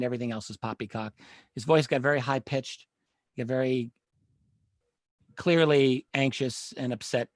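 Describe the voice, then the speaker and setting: A middle-aged man, a panel guest, telling a long story in a measured, earnest way and often pausing with uh and um. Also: mid-range voice, no room sound, clean studio sound. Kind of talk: live panel discussion, recounting a story.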